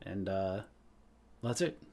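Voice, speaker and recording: A man doing a quick impression of a former male president, giving halting well-wishes with many fillers. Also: low-pitched, animated, vocal fry, darkish tone, slight background noise, pitched below the performer's own voice, exaggerated voice. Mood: earnest.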